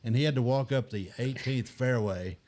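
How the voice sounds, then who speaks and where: As a guest in a casual chat, an older man tells animated anecdotes and acts out what other people said. He speaks at a normal speed in a mid-range voice.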